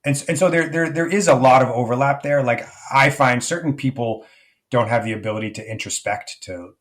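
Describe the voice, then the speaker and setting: A man's voice: medium pitch, brisk, fairly bright tone. A man speaking as a life coach guest in a podcast interview, reflective and rambling, with many fillers and restarts.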